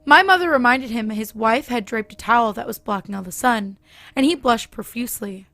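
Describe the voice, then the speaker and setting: A woman narrating a scripted horror story in a steady reading manner. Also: a little high, fairly quick, no echo, soft background music.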